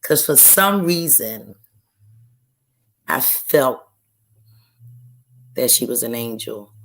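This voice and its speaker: A woman, a guest author, sharing an emotional personal testimony in an interview, telling it slowly and earnestly and often repeating her phrases. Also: a bass voice, lively intonation, slight background noise.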